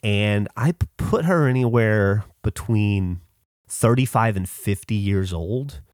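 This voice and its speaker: A middle-aged man from the Southern United States hosting a podcast, telling a personal story in a halting, casual way with lots of fillers, restarts and swearing. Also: lowish voice, darkish tone, no echo, studio quality. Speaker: podcast host.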